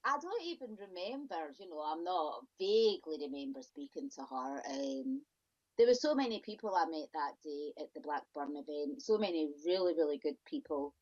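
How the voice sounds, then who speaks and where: A middle-aged woman from the UK speaks in a low, expressive, darkish voice as a podcast guest. Her casual interview chat is outspoken and exasperated, peppered with quick asides, and the audio is dull and lo-fi.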